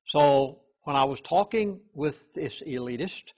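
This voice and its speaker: Husky, emphatic older-sounding chaplain man. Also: fairly high pitch, lively intonation, muffled recording. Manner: emphatic, punches key words, halting restarts. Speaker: chaplain being interviewed. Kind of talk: earnest interview monologue.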